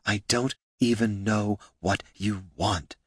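A man voicing a frustrated, exhausted young female mage who talks in a soft, strained, exasperated voice. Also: mid-range voice, sing-song, unhurried, no room sound, clean studio sound. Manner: breathy exasperated pleading.

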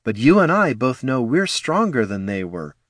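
A man's voice: mid-range voice, sing-song, moderate pace, fairly bright tone, no echo, studio quality, pitched above the performer's own voice. A man voicing a confident female elf ranger who coaxes and persuades. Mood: coaxing. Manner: coaxing, persuasive, sure of herself.

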